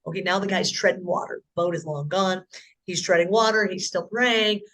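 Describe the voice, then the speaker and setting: A woman's voice: fairly low pitch, fairly even intonation, normal speed, fairly bright tone. A woman telling her conversion story in an interview, earnest and emotional, often repeating and restarting her words. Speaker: interview guest. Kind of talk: personal conversion testimony.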